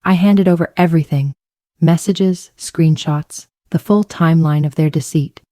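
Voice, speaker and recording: A woman's voice: sits low, normal speed, warm tone, no echo, studio quality. A woman narrating a first-person family drama story with emotional storytelling.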